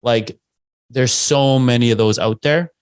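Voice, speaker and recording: A man's voice: medium pitch, unhurried, clear, resonant tone, no room sound. A man hosting a podcast, agreeing with his guest and asking follow-up questions. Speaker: podcast host. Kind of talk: casual podcast interview.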